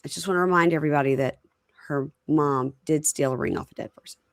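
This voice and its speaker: A woman's voice: deep voice, fast, vocal fry, no room sound, clean studio sound. A woman hosting a casual recap podcast, acting out scenes from the show in put-on voices. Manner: animated retelling, acting out scenes in quoted voices. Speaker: podcast host. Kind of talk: casual reality TV recap chat.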